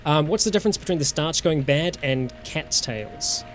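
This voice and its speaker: A man's voice: fairly high pitch, lively intonation, moderate pace, slight background noise. Easygoing New Zealand man streaming a game. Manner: casual, thinking aloud, chatting with viewers. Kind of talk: live gameplay commentary.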